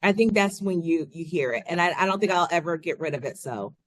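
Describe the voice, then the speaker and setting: A woman TV news reporter and anchor answering interview questions in a measured way, with frequent filler sounds. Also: on the low side, expressive, no echo.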